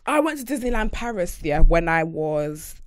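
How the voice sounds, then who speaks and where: A woman's voice: fairly low pitch, very animated, normal speed, no echo, studio quality. Blunt, sweary woman host. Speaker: podcast host. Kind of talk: casual chat.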